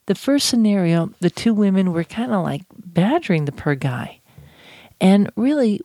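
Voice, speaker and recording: A communication trainer giving a chatty, animated teaching talk with self-deprecating asides. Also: medium pitch, no echo, studio quality. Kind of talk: podcast-style teaching talk.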